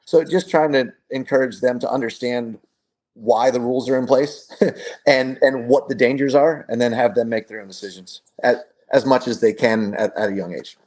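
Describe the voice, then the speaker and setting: A relaxed man chats as a guest. His pitch sits in an ordinary middle range, and he rambles through stories with easy fillers and little laughs along the way. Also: moderate pace. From United States. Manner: relaxed storytelling, chuckles often, many fillers. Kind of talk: casual interview conversation.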